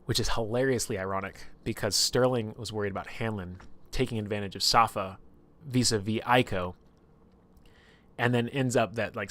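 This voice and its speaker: A man with a somewhat low voice tells the story of a tabletop campaign to his stream audience. He rambles in a casual, animated way, full of fillers and the odd swear word.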